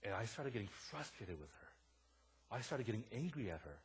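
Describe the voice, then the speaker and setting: A young adult man preaching a sermon in a church, casual and joking as he tells stories, swinging from quiet asides to loud, animated bursts. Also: fairly low pitch, a little fast, a little hiss or hum. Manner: casual, joking storyteller with a wide swing in loudness. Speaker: pastor. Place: church sanctuary.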